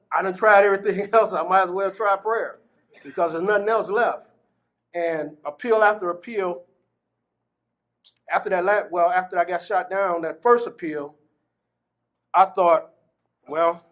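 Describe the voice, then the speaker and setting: High-voiced man telling his story. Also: moderate pace, pauses often. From Gary, Indiana. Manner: animated storytelling, acting out quoted dialogue and laughing between phrases. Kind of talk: personal testimony in an interview.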